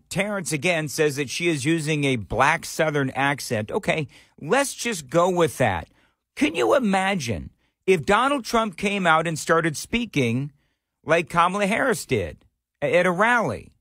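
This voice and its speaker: A man's voice: a little high, a bit bright, no room sound, clean studio sound. A man hosting a talk radio show, delivering an opinionated monologue full of sarcastic rhetorical questions. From Nashville area.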